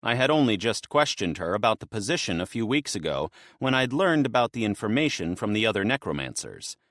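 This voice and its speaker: Man, audiobook narrator, first-person, expressive, animated, dry studio recording. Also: fairly low pitch, brisk, no room sound.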